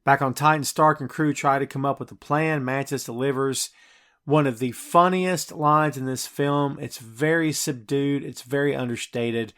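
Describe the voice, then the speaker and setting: A man's voice: medium pitch, fairly even intonation, moderate pace, fairly bright tone. A man hosting a podcast and recapping a film scene by scene in casual, enthusiastic chat full of fillers. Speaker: podcast host.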